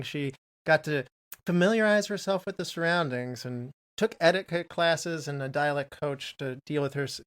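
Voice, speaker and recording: A man's voice: fairly high pitch, fairly bright tone. A man co-hosting a film podcast, chatting casually and reading out trivia in a rambling way. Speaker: podcast co-host.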